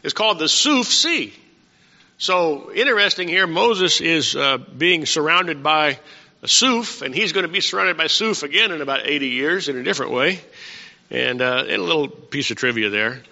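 A man's voice: fairly high pitch, lively intonation, moderate pace, creaky, sharp tone, big-room sound, muffled recording. A man preaching a casual, conversational sermon, asking his congregation questions as he teaches.

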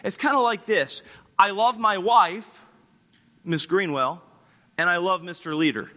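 A male pastor preaching a story-driven sermon with an animated delivery. His voice sits high for a man and sounds very bright and forceful. He swings between lively and hushed as he brings the story to life. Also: measured pace. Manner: animated, acts out the scripture scenes.

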